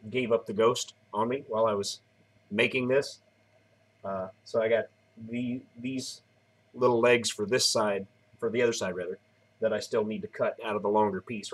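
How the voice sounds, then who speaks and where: A tired man in his thirties chatting casually on a live stream, rambling as he explains each step. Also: lowish voice. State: tired, yawning.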